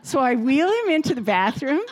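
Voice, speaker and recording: Laughing, animated woman telling stories. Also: high-pitched, fairly quick. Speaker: podcast co-host. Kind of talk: casual storytelling. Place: home kitchen.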